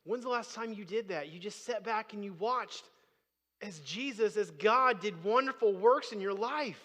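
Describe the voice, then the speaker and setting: A man's voice: high-pitched, animated, normal speed, a bit bright. A man preaching a sermon as pastor, speaking conversationally and rising to emphatic bursts. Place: church sanctuary. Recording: long hall reverb.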